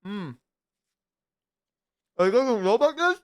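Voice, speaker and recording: With a high voice and big pitch swings, a streamer chats with his audience at a measured pace while eating. His talk meanders, self-deprecating and full of fillers and restarts.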